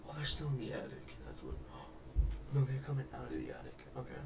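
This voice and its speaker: A man's voice: sing-song, fast. Sick man rambling through a reaction. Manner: rambling, trails off and restarts mid-thought. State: sick, voice affected by illness. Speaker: reaction video host. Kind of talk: casual joking reaction commentary. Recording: distant mic with clear rumbling noise.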